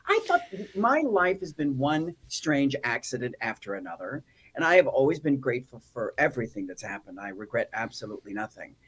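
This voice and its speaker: A woman guest in a casual interview, telling funny stories with animated delivery and acted-out quotes. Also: rumbling low, a little fast, slightly rough. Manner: animated, comic storyteller who acts out quotes. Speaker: actor and activist guest.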